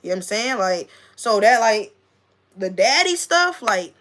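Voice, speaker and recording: A woman's voice: mid-range voice, very animated, unhurried, a bit bright. A woman, talking casually and emphatically to her livestream viewers, repeating her points and addressing a friend directly. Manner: emphatic, repeats herself, talks straight to a friend. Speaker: livestream host.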